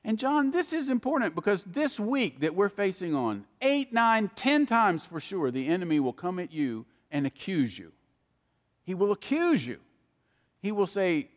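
Male preacher, earnest sermon, fairly high voice, long hall reverb. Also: very animated, unhurried. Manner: earnest, addresses listeners directly by name.

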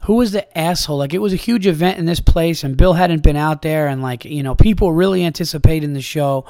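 A man hosting a podcast, telling a rambling, profane comedy story in a casual, animated way. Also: on the high side, fast talker, no echo, clean studio sound.

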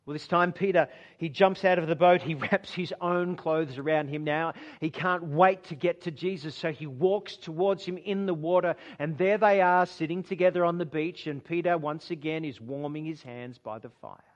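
A man preaching a sermon, retelling a story dramatically, acting out quoted lines and dropping low and soft for emphasis. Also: moderate pace, hardly any pauses, muffled recording.

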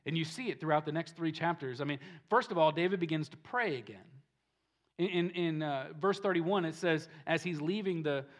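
A man's voice: a little high, brisk. Emphatic man preaching a sermon. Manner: emphatic, repeats phrases, swings from soft to loud. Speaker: pastor. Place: church service.

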